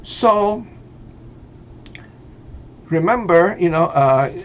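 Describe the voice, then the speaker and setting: A middle-aged man with a Filipino accent talks in a loose, halting way, filling pauses with "uh" and "you know" and breaking into easy laughs. His voice sits a little high for a man. A faint hum of room noise runs behind him. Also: lively intonation, fairly bright tone, muffled recording. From Philippines. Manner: hesitant, many fillers, laughs easily. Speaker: vlogger. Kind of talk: casual commentary.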